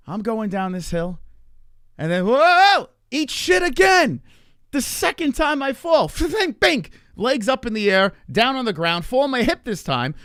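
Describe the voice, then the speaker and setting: Animated, profane storytelling man. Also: high voice, smooth, dry recording, studio quality. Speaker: live streamer. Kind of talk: casual storytelling to a chat.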